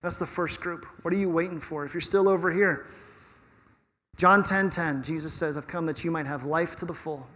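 Male pastor, higher-pitched, earnest and chatty preaching, long reverb of a sanctuary. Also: steady tone, pushed and bright. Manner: conversational, earnest, quick laughs between points. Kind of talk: sermon. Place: church sanctuary.

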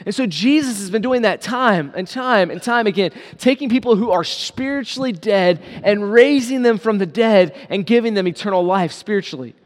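A man with a high voice preaching an earnest sermon. He leans on repeated phrases for emphasis. His words ring out with a long reverb, as in a large hall. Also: animated, moderate pace, hardly any pauses. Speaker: pastor.

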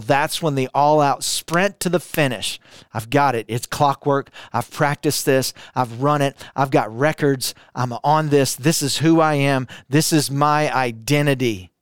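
A middle-aged man from Arkansas telling a personal testimony to a camera, building intensity through repetition and dropping quiet for emphasis. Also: medium pitch, measured pace, clean tone, no room sound, studio quality. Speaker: speaker sharing a personal testimony. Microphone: camera, speaking to it.

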